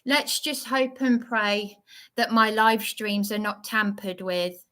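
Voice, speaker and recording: Worked-up lady on a live stream, slow and shaky, bright voice, keeps tripping over her words. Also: medium pitch, steady tone. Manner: shaken, indignant, stumbling over words. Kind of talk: agitated live-stream monologue.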